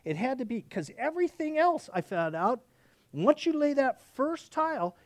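A male pastor preaching a sermon in an animated, conversational way, often restarting and checking in with "okay?". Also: extremely high pitch, normal speed, no echo, clean studio sound.

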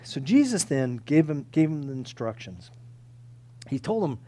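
Male preacher, fairly high voice, emphatic delivery that swings between loud pleas and hushed lines. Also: big pitch swings, normal speed, husky. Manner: earnest, emphatic, acts out quoted pleas. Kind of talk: sermon.

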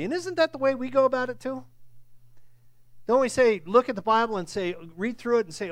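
A man's voice: extremely high pitch, big pitch swings, a little fast, fairly bright tone, dry recording. A male pastor preaching a sermon, speaking in a conversational way and checking in with "okay?".

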